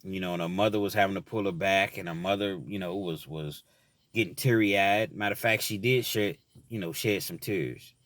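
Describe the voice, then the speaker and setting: With a low, fairly bright voice at normal speed, a man shares a personal story about being in prison. He's earnest and reflective, says "you know" a lot, and ends up advising young men. No room sound is present.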